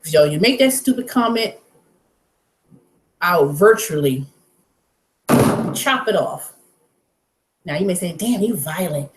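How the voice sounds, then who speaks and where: A woman's voice: lowish voice, animated, slow, long pauses. A woman hosting her own vlog, ranting bluntly and profanely in casual talk. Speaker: vlog host. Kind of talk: casual rant to camera. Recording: roomy echo.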